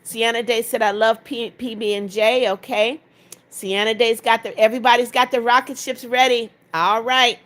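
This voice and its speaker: A woman hosting a casual livestream, her voice sitting a little high as she reads viewer comments aloud one after another. She answers them in a firm, direct way and slips into short prayers when viewers ask for them. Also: steady tone, normal speed, a bit bright. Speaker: livestream host.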